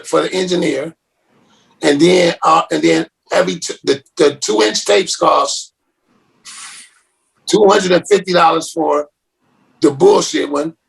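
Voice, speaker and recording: A man's voice: a little high, creaky, slightly rough, far from the mic. A man talking as an interview guest, telling a story in a loose, casual way and often repeating words and restarting his sentences.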